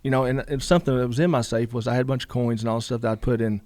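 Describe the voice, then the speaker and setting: A man's voice: medium pitch, steady tone, very fast, a little mellow, no echo. A man, a guest telling a long story in a casual interview, rambling with lots of "you know" asides.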